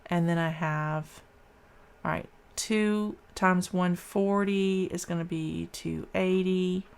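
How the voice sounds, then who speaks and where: A woman's voice: on the low side, steady tone, takes it slowly, creaky, a little mellow, smooth. A woman math teacher talking through a calculation step by step, counting aloud in a casual, informal way. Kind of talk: casual classroom math lesson.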